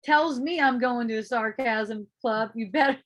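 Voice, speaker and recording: A woman giving a casual spiritual talk, animated and laughing often, acting out her own inner voices and swearing freely. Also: a little high, measured pace. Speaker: spiritual teacher.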